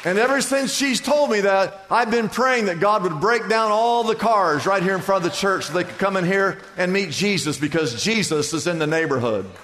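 A man's voice: high-pitched, expressive, normal speed, few pauses, fairly bright tone, some chatter behind, slight background noise. A male pastor preaching an emphatic, conversational sermon full of repetition. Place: church sanctuary. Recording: long church hall reverb.

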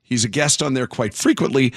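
A man's voice: medium pitch, a little fast, creaky, husky, dry recording, studio quality. A man hosting a morning radio show, telling a news story in a rambling, self-interrupting way.

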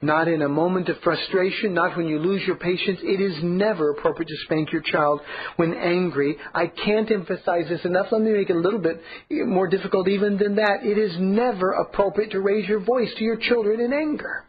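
A man's voice: high-pitched, a little fast, muffled recording, slight background noise. Earnest male pastor preaching. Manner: earnest preaching with emphatic repetition. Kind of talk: sermon.

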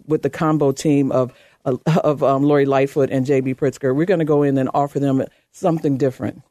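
An older woman from Chicago, a political candidate speaking as a guest on a radio talk show, emphatic and animated, her voice climbing high when she tells stories. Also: a little fast, dry recording, clean studio sound.

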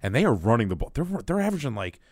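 A man's voice: medium pitch, sing-song, very fast, darkish tone. A man co-hosting a sports talk show, laid-back and laughing along with the host. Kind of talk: casual sports chat.

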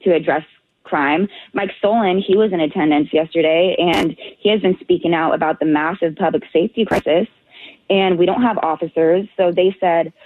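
A woman's voice: on the low side, normal speed, no echo. A woman correspondent speaking on a radio show over the phone, emphatic and indignant. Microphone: phone line. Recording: tinny phone line.

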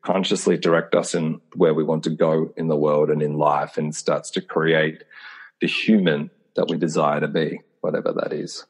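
A man with a very deep, husky voice talks earnestly in a casual call conversation. He reflects as he goes, circling back with fillers and restarts. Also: flat delivery, moderate pace. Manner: acts out his own inner voice in quoted asides.

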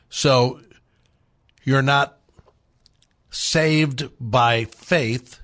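Older male radio host, slow delivery, rambling and self-deprecating. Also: mid-range voice, fairly bright tone. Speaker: radio talk show host. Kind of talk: live call-in radio talk.

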